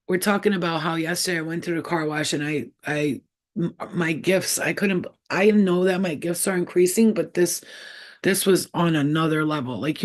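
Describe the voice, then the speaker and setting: A woman's voice: on the low side, darkish tone. Chatty slangy woman vlogging on a laptop. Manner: chatty, slangy, laughs often. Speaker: psychic medium. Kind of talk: casual vlog storytelling. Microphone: laptop built-in camera mic.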